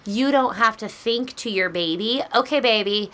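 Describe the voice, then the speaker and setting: A woman co-hosting a podcast, with a bright, forceful tone. She speaks earnestly in a conversational way, building on the other host's points. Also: fairly high pitch, normal speed. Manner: earnest, explaining and building on ideas. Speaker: podcast co-host. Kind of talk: casual chat.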